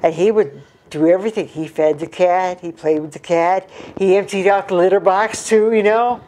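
A woman's voice: fairly low pitch, moderate pace, a little mellow. Rambling woman telling corny jokes. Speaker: interviewee. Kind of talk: casual chat.

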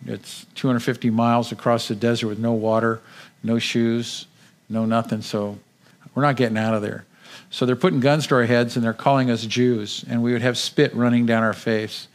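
A man speaking as a guest at a church service, telling a dramatic personal story in a lively, vivid way and often repeating words as he goes. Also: mid-range voice, moderate pace.

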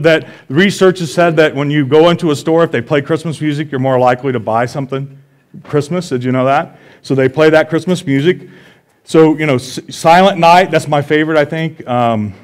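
A man with a Midwestern American accent preaching a sermon in a church, conversational and joking, often checking in with the congregation. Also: a little high. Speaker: pastor. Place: church sanctuary.

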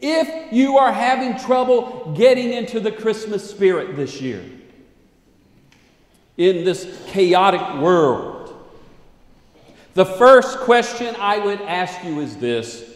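A male pastor delivers a sermon in a church sanctuary, his voice high and full of rise and fall. He moves slowly and deliberately, swinging between loud declaiming and hushed asides. The room rings with a long, echoing reverb. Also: animated.

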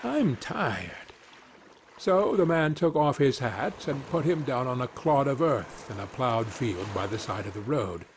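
A man reading a fairy tale aloud as a gentle, measured bedtime story. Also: medium pitch, slight background noise.

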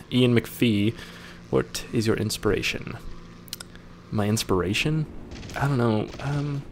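A man's voice: mid-range voice, takes it slowly, slight background noise. A young man reading viewer questions aloud and answering them in a casual, joking way, swearing now and then.

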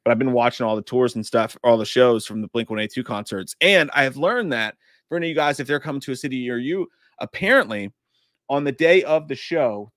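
A man's voice: medium pitch, dry recording, clean studio sound. Rambling, swearing man on a live stream. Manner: profane, rambling, jokey. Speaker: podcast co-host reading live chat. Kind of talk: casual live-stream chat.

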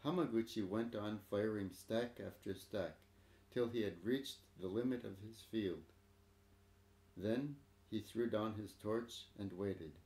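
Low, gravelly man reading a story. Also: mellow, roomy sound. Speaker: narrator.

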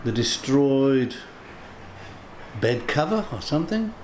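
A man's voice: big pitch swings, slow pace, a little mellow, a little hiss or hum. A man talking casually through a home vlog, unboxing a drone and chatting as he goes. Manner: chatty, talks to his dog in a high singsong voice. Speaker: vlogger.

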